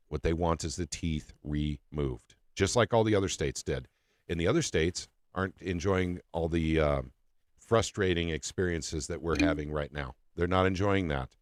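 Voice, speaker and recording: Deep-voiced man hosting a political podcast. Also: dry recording, studio quality. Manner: emphatic, repeats phrases for effect. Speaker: podcast host. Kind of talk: casual political talk show.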